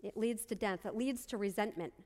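A woman's voice: medium pitch, a little fast, a little mellow. Woman, pastor, sermon, earnest storytelling, repeated phrases, long church reverb.

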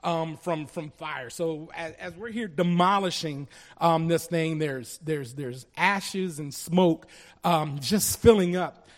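A man from Colombia giving an earnest, halting personal testimony to a church congregation, with many restarts. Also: fairly high pitch. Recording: long reverb of a large hall.

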